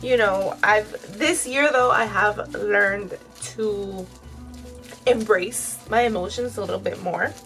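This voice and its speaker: A woman's voice: medium pitch, slow, a bit bright, soft background music, poor audio. A woman in her thirties chatting candidly to her viewers while she dyes her hair, fillers all through. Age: 30s. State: tearful at times. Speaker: vlogger. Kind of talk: casual chat while dyeing her hair.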